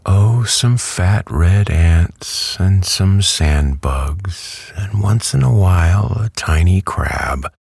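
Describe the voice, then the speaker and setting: A man voicing a brisk, self-assured talking hen, with a cackling manner and a raised, husky voice in a storybook reading. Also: deep voice, lively intonation, darkish tone, no room sound, voice pushed up, heavily acted. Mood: matter-of-fact. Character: chatty, matter-of-fact talking yellow hen, female.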